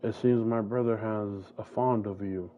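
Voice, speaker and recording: A man voicing a sly male villain who speaks in a slow, smug, drawn-out way. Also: lowish voice, fairly even intonation, dull audio, a little hiss or hum, close to an everyday voice.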